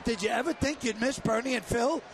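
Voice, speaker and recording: An excitable man rambles and jokes as a guest in the broadcast booth, his voice pitched high for a man. A steady wash of noise sits under him. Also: fairly quick, vocal fry. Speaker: guest commentator. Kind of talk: joking broadcast banter.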